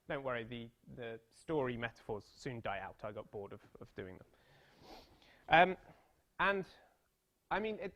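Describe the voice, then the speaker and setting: A British mathematics lecturer in his thirties speaks in a seminar room, his voice on the high side and a bit bright. The talk is chatty and self-deprecating, with playful storytelling asides along the way.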